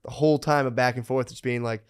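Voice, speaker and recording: A young man co-hosting a podcast, telling profane, animated stories in casual chat and bursting into laughter. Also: mid-range voice, fast talker, smooth. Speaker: podcast co-host.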